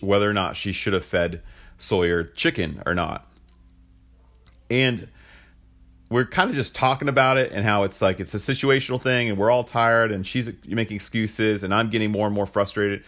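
A man's voice: lowish voice, normal speed, a bit bright. A man in his thirties hosting a podcast, telling a personal story in a candid, reflective way, often restarting his sentences. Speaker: podcast host.

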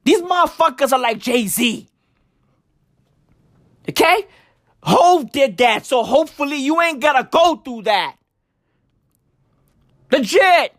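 A woman's voice: high voice, animated, takes it slowly, long pauses, dry recording, clean studio sound. A woman hosting a podcast, delivering an emphatic, profane comedic rant full of repetition. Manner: emphatic, repetitive, heavy swearing. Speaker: podcast host.

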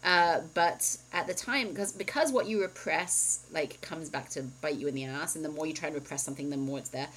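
A woman's voice: deep voice, brisk, few pauses, fairly bright tone, a little hiss or hum, poor audio. Chatty woman telling a personal story. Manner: candid, chatty storytelling with frequent "like" and "um". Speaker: podcast co-host. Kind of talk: casual chat.

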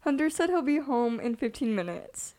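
A young woman co-hosting a podcast, reading creepy stories aloud in a hushed, subdued tone between casual chat. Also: high voice, big pitch swings, moderate pace. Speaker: podcast co-host.

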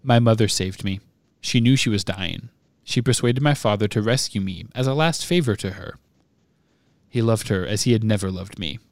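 A man reading aloud, voicing a drugged young man who speaks in a flat, expressionless monotone. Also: lowish voice, a little fast, dry recording, lightly acted.

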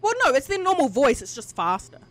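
A woman's voice: sits high, very animated, brisk, fairly bright tone. A woman co-hosting a casual podcast, rambling, swearing freely and using lots of fillers. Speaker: podcast co-host.

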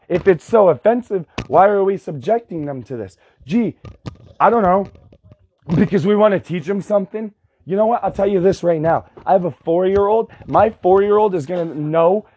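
High-pitched, husky, furious ranting man. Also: a little mellow, highs cut off. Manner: angry, sarcastic, heavy swearing. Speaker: vlogger. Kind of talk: profane ranting monologue.

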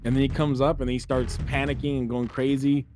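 This podcast host delivers an earnest, sermon-like spiritual monologue, exhorting his listeners as brothers and sisters. His mid-range voice holds a level tone at a brisk pace, with background noise present.

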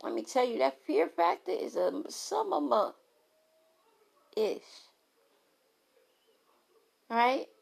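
A woman giving a candid motivational talk on relationships, telling stories with lively, playful asides. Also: high voice, slow pace, creaky, pauses often, slightly rough. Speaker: relationship speaker.

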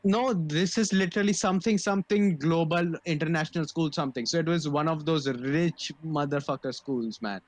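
A man's voice: on the high side, brisk, hardly any pauses. A young man from India, telling a rambling, profane story in casual chat and laughing often.

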